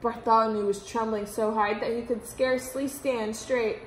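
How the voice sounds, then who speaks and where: A woman reading a children's story aloud, with expressive storytelling. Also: on the high side, normal speed, slight background noise. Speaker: reader. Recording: roomy echo.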